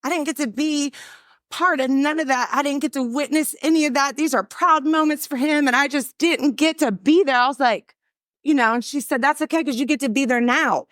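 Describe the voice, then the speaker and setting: A middle-aged woman with a high voice tells her recovery story as personal testimony. She talks loud and emphatic and acts out the quotes. The sound is dry and close. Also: fairly quick, no echo.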